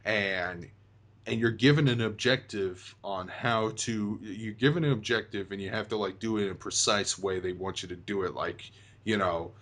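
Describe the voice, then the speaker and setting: In a fairly low voice, a young man hosts a casual talk about a video game. He rambles, drifting into fillers and restarting sentences often.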